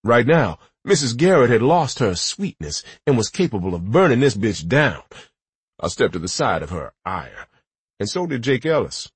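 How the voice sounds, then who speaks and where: A man's voice: mid-range voice, big pitch swings, normal speed, breathy edge, no echo. A man narrating a story in first person with dramatic, vivid delivery. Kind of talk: audiobook narration.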